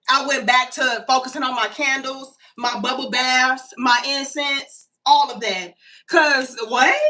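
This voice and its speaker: A woman's voice: high voice, sharp tone, far from the mic. A woman in her thirties, chatting casually and profanely straight to her viewers while she tells a personal story. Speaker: vlogger.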